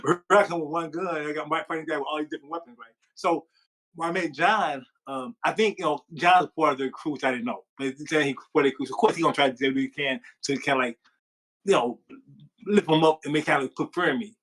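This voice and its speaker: Former boxer guest, male, quick and rambling, full of asides. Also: a little high, rough recording. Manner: rambling, animated storytelling with many fillers. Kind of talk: storytelling interview.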